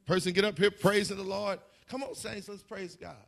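A man preaching a fervent sermon, building to shouts, stammering and repeating words, with laughing asides. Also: high voice, steady tone, normal speed, vocal fry, noisy background.

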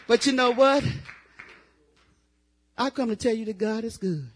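An older woman preaching a revival sermon in a folksy, testifying way that rises to loud, fervent exclamations. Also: on the high side, a little slow, a little hiss or hum.

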